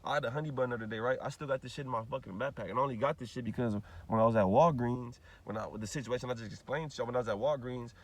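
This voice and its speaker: A man's voice: mid-range voice, racing, hardly any pauses. A young man, telling a rambling, profane story straight to the camera in a ranting vlog. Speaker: vlogger.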